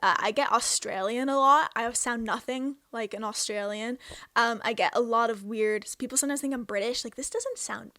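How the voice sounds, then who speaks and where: A woman's voice: on the high side, normal speed, bright, forceful tone, no room sound. A Canadian woman in her twenties hosting a casual question-and-answer vlog, chatty and self-amused. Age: 20s. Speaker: host.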